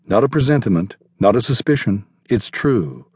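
A man narrating a literary novel in a measured, unhurried reading. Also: fairly low pitch, animated, darkish tone, slightly rough, dry recording, dull audio. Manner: measured literary reading, voicing characters lightly. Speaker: audiobook narrator. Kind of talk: scripted narration.

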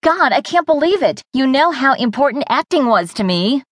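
A woman's voice: high-pitched, sing-song, normal speed, dry recording, clean studio sound, voice pushed up. A woman narrator voicing a young, struggling actress who sounds emotional and defensive. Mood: hurt. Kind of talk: first-person audiobook character voice.

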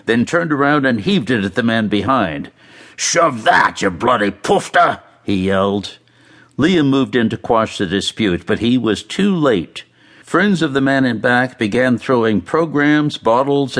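Guy narrating an audiobook, really lively sing-song delivery, middle pitch. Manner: expressive, varied reading.

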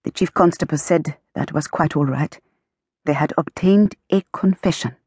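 Husky woman narrating an audiobook. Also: low voice, normal speed, darkish tone, dry recording, clean studio sound.

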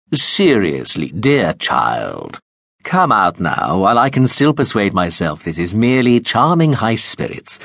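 A man voicing a smug, wealthy, menacing man in an audiobook, with a deep voice and a pompous, cajoling, theatrical manner. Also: fairly bright tone, breathy edge, no echo, studio quality, exaggerated voice. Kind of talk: audiobook character voice.

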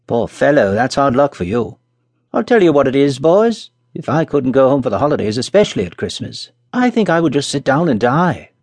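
A man's voice: brisk, dry recording. Bertie, a man doing a boastful schoolboy. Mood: eager. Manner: excited, high and bright.

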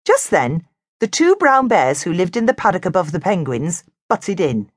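A woman narrating a children's storybook in an animated, expressive way. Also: on the low side, moderate pace, slightly rough, no room sound, clean studio sound. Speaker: audiobook narrator.

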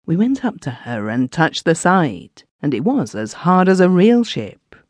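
A woman's voice: fairly low pitch, sing-song, measured pace, a little mellow, no room sound. A woman narrating a classic story in the first person as a villager, recorded on a close studio mic. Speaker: audiobook narrator.

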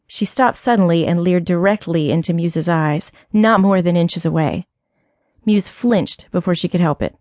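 A woman narrating a children's audiobook with clear, even storytelling. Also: fairly low pitch, normal speed, no echo, clean studio sound.

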